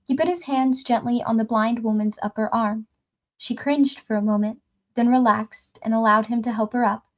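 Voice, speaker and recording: A woman reading a novel aloud in a steady storytelling manner, with small slips and restarts. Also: a little high, normal speed, dull audio. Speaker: audiobook reader. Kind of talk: reading a novel aloud, voicing characters lightly.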